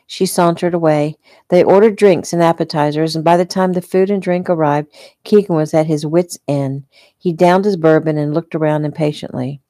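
A woman reading her own novel aloud at home in a plain, unhurried way. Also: low-pitched, steady tone, warm tone, dry recording, clean studio sound. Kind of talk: casual audiobook reading.

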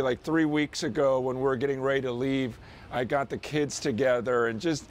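A man's voice: on the high side, a little hiss or hum. A man pastor sending a casual, earnest video message to his church, talking conversationally with frequent "you know" and "man".

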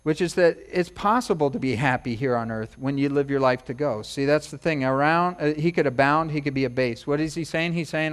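A man preaching a sermon as pastor, animated and joking, acting out quoted voices. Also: medium pitch, a little fast, smooth. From United States.

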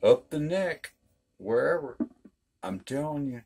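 A man's voice: mid-range voice, lively intonation, measured pace, a little mellow, breathy edge. An older man giving a casual guitar lesson in a folksy, emphatic way, repeating his points. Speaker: guitar teacher.

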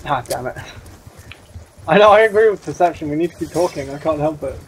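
A young man talks nonstop over a headset while gaming, his voice sitting a little high. He jokes and teases himself. A faint hiss lies under the talk. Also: lively intonation, fairly quick. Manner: joking, self-mocking, chatty. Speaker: gamer. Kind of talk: casual gaming chat.

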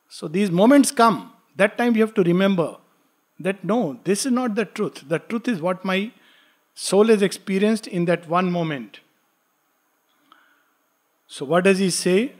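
Male teacher, higher register; explanatory lecture style, slow verse reading. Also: animated. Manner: explanatory, reads verse slowly, laughs lightly. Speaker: spiritual study-class teacher.

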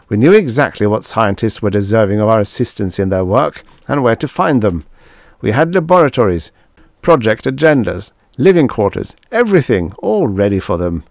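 A man's voice: lowish voice, a little mellow, no echo, studio quality. A man voicing a smug male army colonel who talks with boyish eagerness.

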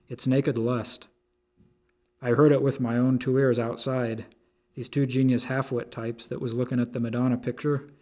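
Stern preachy young guy, read by a man, blunt and insistent, low flat voice. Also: lightly acted. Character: stern zealous young male monk.

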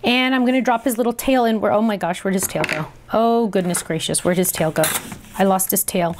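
A middle-aged woman hosting a craft tutorial, chatty and excitable, talking to herself as she works. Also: mid-range voice, fairly quick, background noise. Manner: chatty and excitable, talks to herself while working. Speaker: crafting show host.

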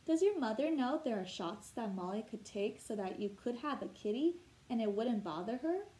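A woman reading a storybook aloud, voicing a kindly old male shopkeeper with a gentle, folksy way of talking. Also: on the high side, animated, moderate pace, reverberant, close to an everyday voice.

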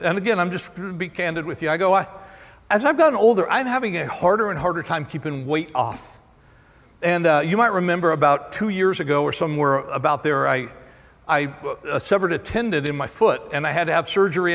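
A pastor in his sixties tells a story from the pulpit with candid, self-deprecating humor, often stopping and starting again mid-phrase. His voice sits high for a man. The sound rings with the long reverb of a large church auditorium. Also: a bit bright. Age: 60s. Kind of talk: storytelling sermon.

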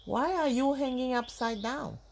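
A woman's voice: high-pitched, unhurried, gravelly, noisy background, voice pushed up. Woman doing a blunt, curious bat. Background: background music.

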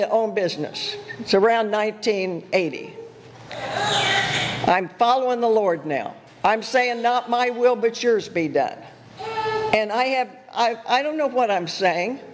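Older woman, guest preacher, animated storyteller, in a reverberant church with light background noise. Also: a little high. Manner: animated, laughing, acting out her own thoughts. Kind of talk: sermon with personal storytelling. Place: church sanctuary. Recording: echoey church hall with faint noise.

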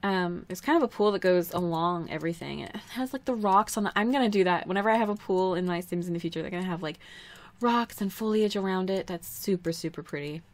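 A woman's voice: fairly low pitch, fast talker, no room sound. A young woman hosting a let's play, giving casual gameplay commentary in a chatty, giggly, rambling way with lots of fillers.

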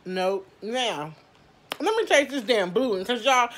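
A woman's voice: medium pitch, big pitch swings, moderate pace. A woman reviewing snacks in a casual, candid vlog, chatting straight to her viewers with mild cursing. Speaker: food review vlogger.

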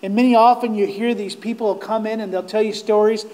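A male pastor preaching a sermon, earnest and direct with his listeners, growing impassioned and nearly shouting at the peaks. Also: high voice, fairly even intonation, brisk. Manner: impassioned, rising to near-shouts on quoted cries.

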